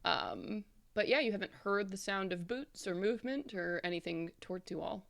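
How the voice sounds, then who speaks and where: A woman's voice: medium pitch, normal speed, vocal fry, no echo, studio quality. A woman narrating a tabletop game as game master, describing the action with frequent fillers.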